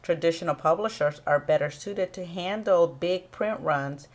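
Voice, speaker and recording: Low-voiced woman explaining publishing, unhurried. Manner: unhurried, with frequent ums and pauses. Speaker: author and small publisher. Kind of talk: casual informational talk to camera.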